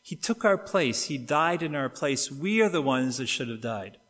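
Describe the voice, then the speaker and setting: A middle-aged Canadian pastor delivers a sermon, using vivid stories and acting out what each person says. His voice has a middle pitch, and it carries a long reverb through the church hall. He moves from hushed, slow lines to louder, quicker bursts. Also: expressive. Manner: storytelling with acted-out quotes, wide swings in loudness and pace. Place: church sanctuary.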